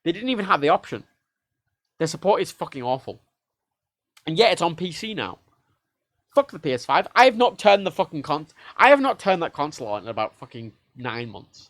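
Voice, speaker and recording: A man's voice: a little high, moderate pace, pauses often, no echo. A man livestreaming, ranting casually about game consoles with lots of swearing. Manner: animated, heavily profane, mimics devices in quoted voices.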